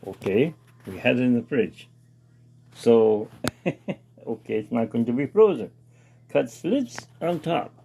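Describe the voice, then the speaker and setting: A man's voice: mid-range voice, lively intonation, takes it slowly, gravelly, long pauses, dark tone, slight background noise. A man hosting his own casual cooking demonstration in a home kitchen, chatting and reading package steps aloud with comments. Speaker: home cooking show host.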